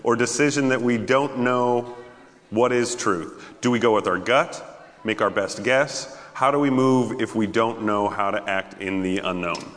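A man's voice: mid-range voice, measured pace, fairly bright tone, in a large hall. A man co-hosting a question-and-answer discussion, asking questions and affirming with short agreements. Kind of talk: conversational Q&A.

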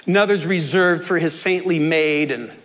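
A man's voice: a little high, moderate pace, a bit bright, long reverb tail. A man preaching a sermon in an earnest, conversational way, with asides and jokes, in a church.

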